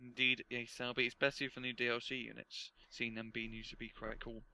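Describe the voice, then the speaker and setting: A man's voice: mid-range voice, little pitch movement, a little fast, pushed and bright, slight background noise, rough recording. A man commentating a strategy game match in a casual, laughing way. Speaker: game caster. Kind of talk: esports commentary.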